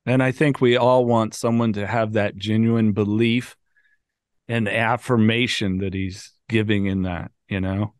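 A man's voice: fairly low pitch, steady tone, measured pace, dry recording. Encouraging man hosting over a video call. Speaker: podcast host. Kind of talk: casual interview chat.

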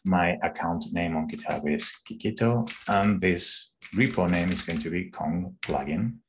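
A man, an engineer, walking through a live coding demo on a call, thinking aloud in an unhurried way with restarts. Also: deep voice, noisy background. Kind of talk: screen-share coding walkthrough.

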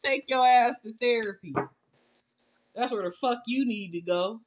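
A tarot reader with a slightly high voice speaks unhurriedly through a casual reading. She's blunt and profane, scolding and laughing, and the lo-fi recording comes across slightly dull.

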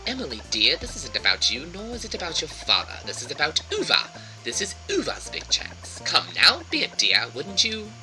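A man's voice: on the high side, huge pitch swings, normal speed, music in the background, rough recording. A man doing a coaxing, genteel older lady.

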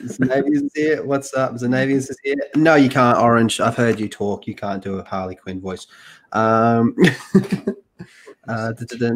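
A man hosting a laid-back reaction podcast, reading items aloud and cracking crude jokes at his co-hosts. His voice sits at an ordinary middle pitch. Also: fairly even intonation, moderate pace, a little hiss or hum. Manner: joking, profane, banter with co-hosts. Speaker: podcast host reading news and chat.

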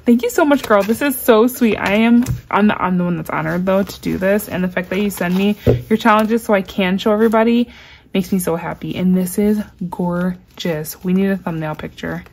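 Gushing with excitement, a woman vlogger opens a package in a casual chat and reads the cards out slowly. She speaks at medium pitch.

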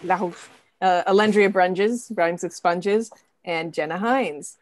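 A woman's voice: on the low side, slow pace. A young woman hosting a casual game stream, chatty and giggly, with lots of ums and uhs. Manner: chatty, giggly, many fillers. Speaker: host.

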